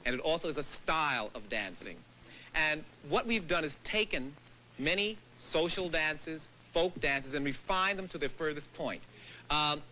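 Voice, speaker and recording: A man's voice: on the high side, pushed and bright, slight background noise, low-quality recording. A man leading a dance lecture-demonstration on stage before an audience, counting beats and scatting rhythms aloud as he teaches. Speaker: dance company director.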